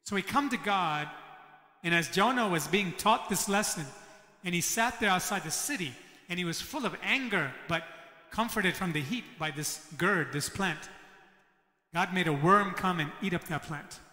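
A male pastor preaches a sermon, dropping into the voices of the people in his story as he quotes them. His voice sits high and bright, with a tense edge. Long reverb from a large church hall trails behind every phrase. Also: normal speed. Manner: preaching with acted-out quotes of God and Jonah.

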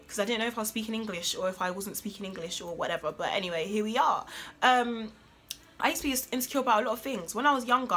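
A woman's voice: mid-range voice, pushed and bright. A young adult woman vlogging to camera in a casual, emphatic, preachy way. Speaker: beauty vlogger.

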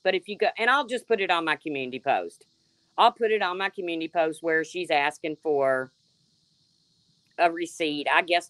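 A woman's voice: sits low, fairly bright tone, no echo. A woman hosting a livestream, sarcastically calling out a rival and answering her chat by name. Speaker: livestream host. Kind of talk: confrontational livestream rant.

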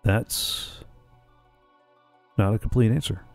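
A man's voice: on the low side, slow, creaky. A man hosting a let's play, chatting casually and musing aloud as he plays through a game. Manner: chatty, muses aloud, reads game dialogue plainly. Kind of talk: casual gameplay commentary. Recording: faint game music behind.

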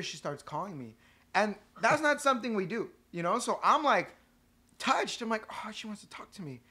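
A man co-hosting a casual podcast, telling a story in an animated, profane way. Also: sits high. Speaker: podcast co-host, band member.

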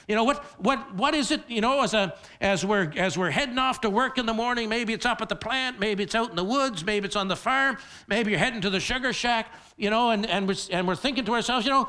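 Animated high-pitched preacher man. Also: moderate pace. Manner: animated, repeats words when emphatic. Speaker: pastor. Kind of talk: sermon.

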